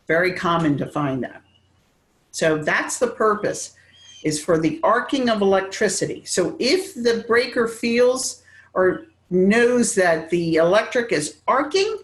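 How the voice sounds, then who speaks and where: A woman teaches a real estate class. Her pitch swings widely as she explains, and she slips into acted-out snippets of conversation to make her point. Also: reverberant. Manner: animated, acts out dialogue in quick asides. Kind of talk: classroom lecture.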